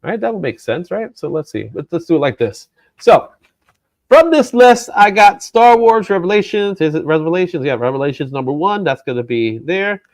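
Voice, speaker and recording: A man hosts a comic book show in a relaxed, joking way and laughs easily. His voice sits a little high and swings up and down a lot. The sound is close and dry. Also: moderate pace, no echo. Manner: lively, loose and joking, laughs often. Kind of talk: casual chat.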